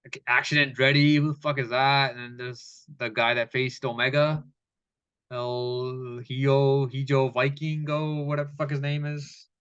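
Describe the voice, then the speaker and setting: A man's voice: medium pitch, level tone, moderate pace, fairly bright tone, clear, resonant tone. A man recaps last night's wrestling in a loose, rambling way, swearing freely and laughing at the silly bits. His voice sits mid-range and comes through a dull, lo-fi recording. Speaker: wrestling show reviewer. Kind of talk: casual recap commentary.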